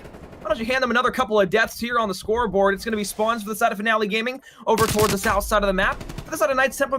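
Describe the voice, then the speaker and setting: A young man casting an esports match with hyped, jokey, drawn-out announcer delivery. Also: sits high, noisy background. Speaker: esports caster. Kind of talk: play-by-play esports commentary.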